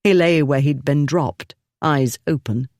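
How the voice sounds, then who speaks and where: A narrator reading a historical romance novel in a measured storytelling manner. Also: medium pitch, a little mellow, no room sound, clean studio sound. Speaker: audiobook narrator.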